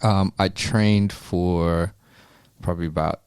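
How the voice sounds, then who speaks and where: A man's voice: low voice, fairly even intonation, slow pace, a little mellow, smooth, no room sound. A man chatting casually as an interview guest, laid-back and rambling, with frequent ums and swearing. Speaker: amateur boxer, interview guest. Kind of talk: casual chat.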